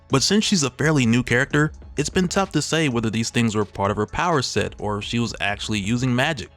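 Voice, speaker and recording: A man at a medium pitch walks through a comic storyline in a loose, slangy, easygoing manner, like a regular host of his own channel. Soft music sits faintly underneath his voice. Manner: laid-back, slangy, lively storytelling. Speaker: comic book recap host. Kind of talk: casual comic story recap.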